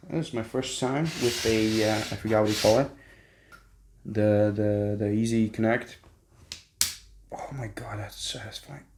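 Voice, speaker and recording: Excitable young man with gravelly voice. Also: on the low side, noisy background. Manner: excitable, swears often, jumps between hushed whispers and squeals. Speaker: vlogger. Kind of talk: casual unboxing commentary.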